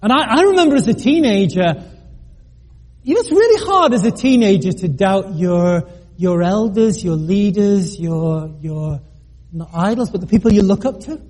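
Middle-aged male preacher, husky high voice, earnest storyteller with wry asides. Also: lively intonation, normal speed, darkish tone. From United Kingdom. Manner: earnest, self-deprecating, with joking asides and stammered restarts. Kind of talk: sermon with personal story.

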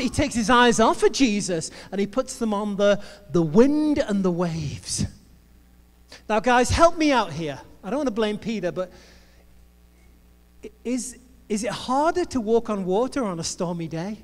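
A male preacher giving a sermon in a playful, jokey storytelling manner. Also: sits high. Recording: long hall reverb.

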